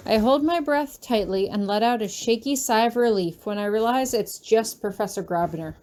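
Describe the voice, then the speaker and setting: A woman reading her fan fiction aloud in the first person, soft and anxious in tone. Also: on the high side, moderate pace. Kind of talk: first-person audiobook narration.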